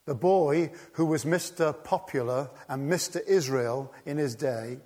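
Slow, dramatic preaching man, high voice. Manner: dramatic, swinging between hushed and urgent. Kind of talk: sermon.

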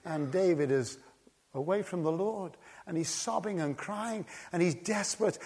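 A man preaching a sermon, dramatic, swinging from hushed tones to urgent, rising appeals. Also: sits high, moderate pace, slightly rough.

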